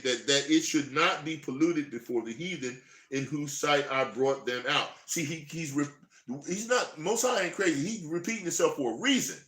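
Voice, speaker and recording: Fired-up preacher, bright echoey voice. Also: male voice, medium pitch. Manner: reads verses slowly, then fired-up commentary. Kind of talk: scripture reading and preaching.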